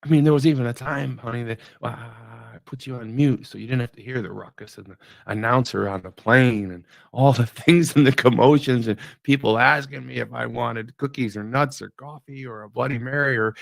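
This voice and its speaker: Middle-aged male devotional host, gravelly, dry close sound, reflective and conversational, trailing off softly. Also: medium pitch, steady tone, brisk, few pauses, no room sound. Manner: musing, conversational, trails off quietly.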